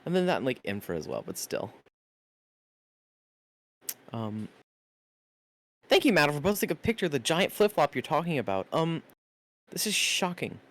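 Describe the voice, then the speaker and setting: Male streamer, casual chat, animated swings in pitch, curses a lot. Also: moderate pace, long pauses. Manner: lively, swearing, laughing, reads chat aloud.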